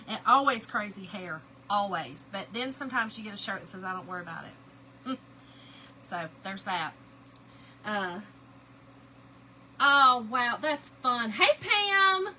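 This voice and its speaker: A woman's voice: mid-range voice, pushed and bright, slight background noise, poor audio. A middle-aged woman, chatting and laughing with viewers as she crafts on a livestream. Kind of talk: casual chat while crafting live.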